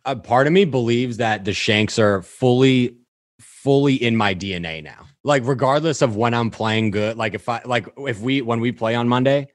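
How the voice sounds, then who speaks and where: A man in casual conversation, recounting a round in clipped, rapid-fire fragments. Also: medium pitch, no echo, clean studio sound. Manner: rattles off shot-by-shot recaps in clipped fragments. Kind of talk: casual chat about golf.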